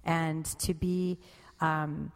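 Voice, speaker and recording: A woman's voice: sits low, level tone, extremely slow, gravelly, long reverb tail. A woman chatting casually on a podcast, rambling and correcting herself mid-sentence, often breaking into laughter. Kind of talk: casual conversation about meditation.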